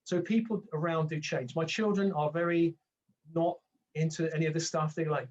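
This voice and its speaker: A man's voice: a little high, steady tone, moderate pace, darkish tone, lo-fi sound. Older man, reflective spiritual teacher. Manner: reflective, rambling with restarts, acts out inner voices. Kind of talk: conversational interview.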